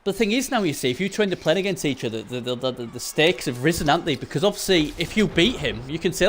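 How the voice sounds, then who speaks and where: A man's voice: fairly high pitch, expressive, fast talker, hardly any pauses, a bit bright, a little hiss or hum. A man with a Hull accent commentating casually on a match, chatty, rambling and teasing. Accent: Hull, Yorkshire. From England.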